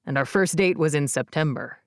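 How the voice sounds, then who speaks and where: A woman voicing an earnest young man proposing, speaking low and softly in an audiobook. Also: a little fast, no room sound, clean studio sound. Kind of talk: audiobook character reading. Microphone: close studio mic, dry.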